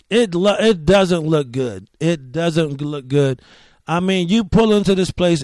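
Man, comedy podcast host, rambling profane storytelling, slightly high voice, dry close sound. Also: a little mellow, no room sound. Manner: profane, joking, loose rambling delivery. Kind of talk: casual solo storytelling.

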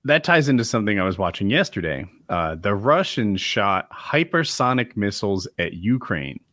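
Low-pitched man, lively swinging intonation, opinionated casual podcast chat, dry close sound. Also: normal speed, no echo. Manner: opinionated, explains with emphatic asides. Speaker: podcast co-host.

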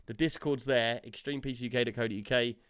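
A man hosting a gaming podcast, telling stories in an animated way and laughing often. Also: medium pitch, fast, clean tone. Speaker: podcast host. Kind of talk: casual chat.

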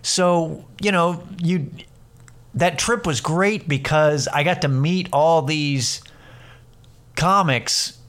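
A man's voice: on the high side, takes it slowly, a bit bright. A middle-aged man and comedian hosting a casual solo podcast, telling rambling, profane stories full of restarts. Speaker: podcast host; stand-up comedian.

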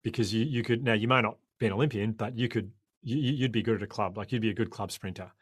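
Australian man, 40s, impassioned podcast guest, quick delivery, dry close sound. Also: lowish voice, breathy edge, no room sound. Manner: impassioned, rambling with frequent restarts. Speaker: guest, former cricketer turned sprinter. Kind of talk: podcast conversation.

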